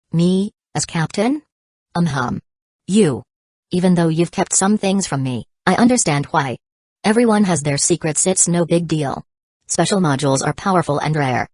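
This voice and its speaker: A woman narrating an audiobook in an even, steady reading voice. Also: sits low, no echo, studio quality. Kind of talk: scripted narration.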